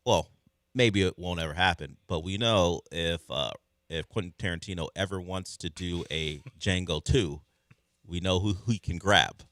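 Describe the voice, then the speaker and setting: Low-voiced, forceful sports radio man. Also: moderate pace, dry recording, studio quality. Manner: animated, rambling questions. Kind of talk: sports talk radio banter.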